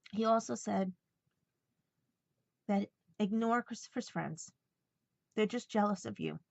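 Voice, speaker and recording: A woman talks straight to the camera in a casual vlog. She tells a personal story with feeling and rambles a bit, acting out both sides of a conversation. Her voice sits at an ordinary pitch, and the recording sounds dull, dry and lo-fi. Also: gravelly, a little mellow, no echo. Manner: emotional, rambling retelling full of quoted dialogue. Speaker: vlogger.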